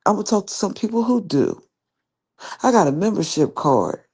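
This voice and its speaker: Woman, confrontational, rambling, mellow dark tone, gravelly, livestream rant. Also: mid-range voice, expressive, moderate pace. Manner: confrontational, speaking straight to an absent opponent; rambling, repeats herself. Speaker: livestream host. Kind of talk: direct-address livestream rant.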